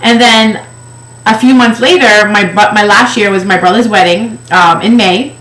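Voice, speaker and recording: A woman's voice: mid-range voice, fairly even intonation, normal speed, a bit bright. A woman candidly telling an emotional personal story about her past. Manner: candid, emotional, acts out quoted voices. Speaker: weight-loss project participant. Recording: echoey room.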